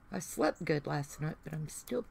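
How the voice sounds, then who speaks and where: A woman's voice: low-pitched, creaky, darkish tone, slight background noise. A middle-aged woman with a Southern accent, chatting folksily to her livestream viewers while she works on a craft project. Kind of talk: casual chat while crafting.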